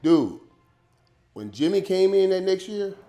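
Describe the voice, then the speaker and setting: A middle-aged man, a former pro football player, telling stories as an interview guest in casual, animated talk, often repeating words and dropping in "man" and "dog". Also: high voice, measured pace.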